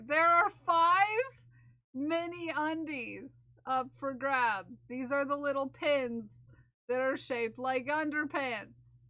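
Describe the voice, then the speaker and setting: A woman livestreamer chatting casually with her viewers in a playful, giggly way, often repeating phrases in silly drawn-out voices. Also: high-pitched, sharp tone, no room sound, clean studio sound. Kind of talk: casual live-stream chat with viewers.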